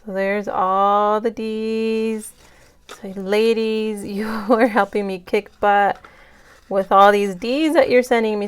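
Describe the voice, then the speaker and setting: Close to crying, a woman from the United States gushes emotionally and gratefully in a casual vlog about budgeting. She speaks in a mid-range voice that sounds clear and resonant.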